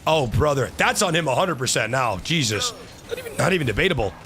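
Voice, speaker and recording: A young man streaming a car-soccer match, trash-talking opponents and yelling at his teammates. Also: medium pitch, big pitch swings, fast talker, soft background music. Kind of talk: live gameplay commentary.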